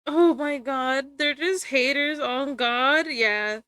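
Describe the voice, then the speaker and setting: A young woman livestreamer chatting casually to her viewers, giggly and rambling, with sudden bursts of excitement. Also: high-pitched, takes it slowly, no echo. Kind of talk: casual stream chat.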